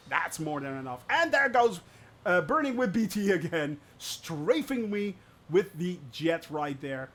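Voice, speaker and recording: A man streaming a flight game live, loud and jokey, laughing at his own puns and greeting viewers by name. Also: high voice, husky. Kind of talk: live gameplay commentary.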